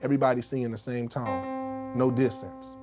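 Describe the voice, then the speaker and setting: A man's voice: mid-range voice, normal speed. A man teaching a casual music lesson, speaking conversationally, demonstrating on a keyboard and often checking in with "okay?" and "right?". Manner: demonstrates on a keyboard while explaining.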